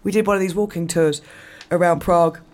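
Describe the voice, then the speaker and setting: A woman's voice: on the low side, steady tone, brisk, darkish tone. A woman comedian, a guest on a radio show, chatting casually and telling anecdotes while laughing easily.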